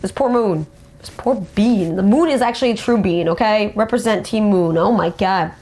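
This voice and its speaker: A young adult woman hosting a casual fan show about song lyrics, talking with animated enthusiasm. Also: mid-range voice, moderate pace. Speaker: host.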